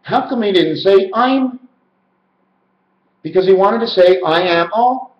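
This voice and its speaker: A man's voice: high voice, animated, unhurried. A man rambling alone to the camera about numbers and letters, chanting and stretching words in a sing-song way. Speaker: video maker explaining number and letter theories. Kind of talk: rambling solo monologue. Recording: roomy, dull lo-fi home recording.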